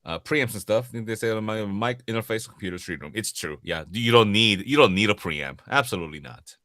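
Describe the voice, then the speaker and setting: A man with a Korean accent, Korean his first language, takes audience questions in a relaxed Q&A. His voice sits low but swings widely and rings bright and forceful as he laughs, trips over words and repeats himself. The sound is dry, with no room around it. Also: fairly quick, no room sound. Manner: lively, chuckling often, restarting and repeating words. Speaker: voice actor answering audience questions. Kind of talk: casual livestream Q&A.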